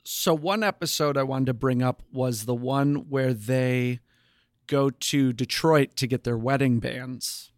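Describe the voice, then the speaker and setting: A man's voice: medium pitch, measured pace, no echo, studio quality. A man co-hosting a podcast, casually retelling show episodes with plenty of um and like. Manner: chatty storyteller, lots of um and like. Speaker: podcast co-host. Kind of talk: casual chat recapping a show.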